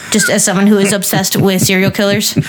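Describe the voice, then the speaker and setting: A woman's voice: mid-range voice, little pitch movement, a little fast, noisy background. A woman co-hosting a casual podcast, rambling with lots of "like" and swearing. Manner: rambling, filler-heavy, profane. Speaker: podcast co-host. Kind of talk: casual chat.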